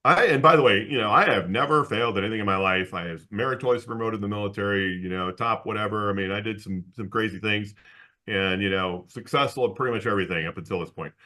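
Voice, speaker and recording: A man with a low, forceful voice tells a story as a guest in an interview, jumping into the voices of the people he quotes. He laughs often and restarts his sentences as he goes. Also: fast. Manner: animated storyteller who acts out the people he quotes. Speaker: guest, insurance agency owner.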